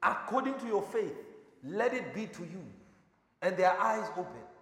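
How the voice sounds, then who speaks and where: A man's voice: high-pitched, very animated, moderate pace, fairly bright tone. A man preaching a sermon, firing questions at the congregation and repeating phrases for emphasis. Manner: call-and-response questioning, emphatic repetition. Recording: echoey hall with long reverb.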